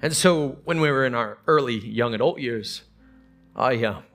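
A man's voice: medium pitch, moderate pace, a bit bright, faint music behind. A middle-aged man preaching a sermon, telling stories earnestly with frequent restarts and quoted conversations. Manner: earnest storytelling with many restarts and quoted dialogue. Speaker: pastor.

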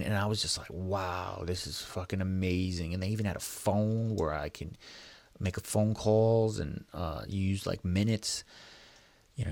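A man's voice: sits low, vocal fry, no room sound. A man casually telling a story, profane and rambling, full of fillers and restarts, sometimes acting out his own past words. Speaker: storyteller recounting prison time. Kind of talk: casual first-person storytelling.

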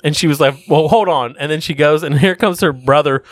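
Podcast guest, male, slightly high pitch, loose and profane, acts out dialogue. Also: brisk. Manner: animated, swearing, acts out quotes while laughing. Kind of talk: casual chat, storytelling.

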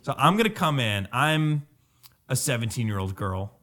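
A man's voice: medium pitch, big pitch swings, moderate pace, bright, forceful tone. A man in his late twenties co-hosting a podcast in a playful, joking, rambling way. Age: late 20s. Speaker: podcast co-host. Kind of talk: casual chat.

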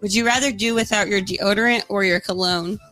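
A woman's voice: medium pitch, steady tone, a little fast, a bit bright, low-quality recording. Playful woman co-host, mid-range voice, light teasing banter, faint music underneath. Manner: playful, giggly, teasing questions. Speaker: radio show co-host. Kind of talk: casual morning show banter.

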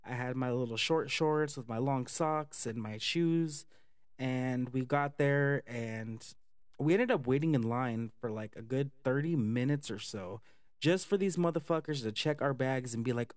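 A man telling a casual, profane story for a vlog, chatty and animated with lots of fillers. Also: medium pitch, a little slow, no echo, clean studio sound. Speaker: vlogger.

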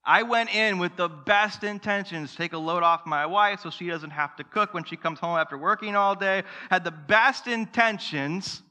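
A man's voice: high voice, moderate pace, hardly any pauses, pushed and bright, in a large hall. A man preaching a sermon to his church, telling a story and asking the congregation rhetorical questions. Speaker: pastor. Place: church sanctuary.

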